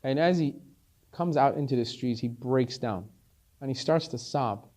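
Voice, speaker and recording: A man, a rabbi, telling a story in a sermon, animated and repeating words as he stresses them. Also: mid-range voice, moderate pace.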